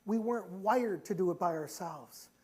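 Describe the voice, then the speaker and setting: A man's voice: high voice, normal speed, darkish tone, husky. Impassioned male preacher. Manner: impassioned, repetitive preaching with stories. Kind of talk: sermon. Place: church sanctuary.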